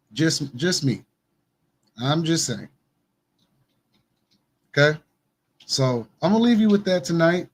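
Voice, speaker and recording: Insistent, higher-pitched man hosting news commentary. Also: a little hiss or hum. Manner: emphatic, insistent, repeats his points. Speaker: host of a news commentary show. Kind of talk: casual conspiracy news commentary.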